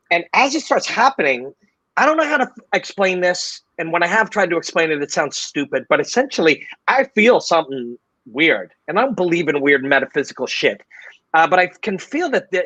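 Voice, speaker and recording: A man hosts over a video call, telling stories in an animated, profane way. His voice sits a bit high for a man. The sound is dry and close. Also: no room sound. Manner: animated, profane, tells stories with acted-out quotes. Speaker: host. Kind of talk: casual storytelling.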